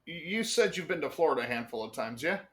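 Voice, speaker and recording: A man's voice: a little high, expressive, fast, a bit bright. Rambling man telling stories. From United States. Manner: rambling, many fillers, casual swearing. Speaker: guest. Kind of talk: casual chat, storytelling.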